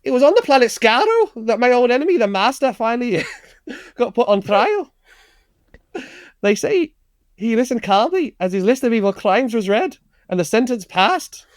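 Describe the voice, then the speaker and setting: An over-the-top male time-traveller narrator booms out his story in a thick put-on Scouse accent, as a man hams it up. The voice sits high and stagey. The recording is dry and close. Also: sing-song, normal speed, no room sound. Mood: hammy.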